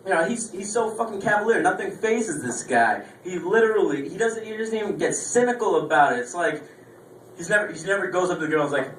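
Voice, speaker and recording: A young man performing a stand-up comedy set, telling a story with lively acted-out voices. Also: high-pitched, quick pace. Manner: animated storytelling, acting out quoted voices. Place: small club stage. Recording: echoey room, distant mic, faint room noise.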